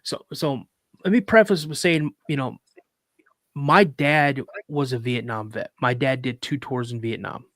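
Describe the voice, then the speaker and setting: A man, a podcast guest, telling a story in a casual, animated way with acted quotes. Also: mid-range voice, unhurried, dry recording, studio quality. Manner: rambling with restarts.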